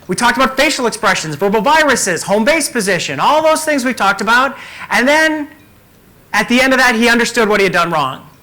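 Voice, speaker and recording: A man giving a conference keynote as a communication coach, talking in an energetic, emphatic way. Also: very high-pitched, brisk, poor audio.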